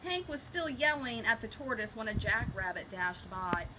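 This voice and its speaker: Expressive woman teacher reading a storybook. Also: fairly high pitch, moderate pace, background noise. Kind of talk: reading a picture book aloud to young children.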